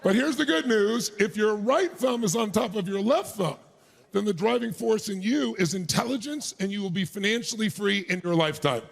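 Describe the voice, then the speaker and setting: A middle-aged man speaking as a motivational speaker at a live keynote, loudly firing up the audience. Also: high voice, lively intonation, moderate pace, creaky. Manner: loud, crowd-rousing, hype-driving, shouting bursts. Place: large conference stage before a live audience.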